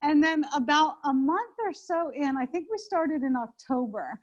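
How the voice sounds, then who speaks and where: A woman's voice: sits high, expressive, normal speed. A middle-aged woman chef chatting in an interview, rambling with many restarts. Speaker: interview guest, home chef. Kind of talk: casual interview chat. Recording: dull lo-fi sound.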